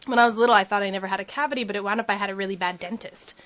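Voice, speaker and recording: A young woman co-hosting a casual podcast, telling stories in a giggly, animated way and acting out what people said. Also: mid-range voice, rapid-fire. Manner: giggly, animated storytelling with acted-out quotes. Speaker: podcast co-host. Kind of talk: casual chat.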